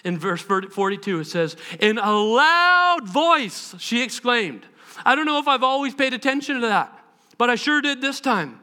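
A man preaching a sermon as pastor, animated and bursting into shouted voices as he acts out scenes. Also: very high voice, normal speed.

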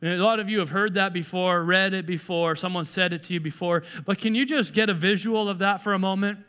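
Man preaching, high bright voice, conversational sermon, stumbles and repeats words, echoey hall. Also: a little fast, clear, resonant tone. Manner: conversational, animated, acts out quoted voices; frequent restarts and repeated words. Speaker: pastor.

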